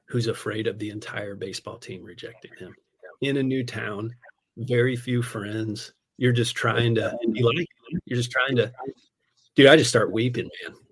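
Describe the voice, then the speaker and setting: A man who is a pastor, telling a personal story in casual conversation. He is animated, laughs often and fills his speech with "like" and "man". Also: medium pitch, moderate pace, breathy edge. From United States. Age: adult, a parent.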